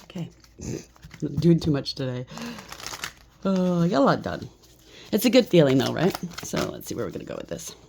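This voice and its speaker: Woman tarot reader, low mellow voice, blunt and chatty, faint noise behind. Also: big pitch swings, moderate pace, gravelly, pauses often. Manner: blunt, chatty, swears freely. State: slightly out of breath. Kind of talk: solo tarot reading.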